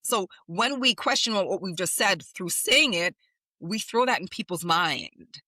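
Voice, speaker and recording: A woman's voice: mid-range voice, animated, a little slow, pushed and bright, dry recording. A woman podcast host and communication coach, talking straight to listeners in an emphatic, instructive way. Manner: emphatic, instructive, repeats commands. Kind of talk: direct-address coaching monologue.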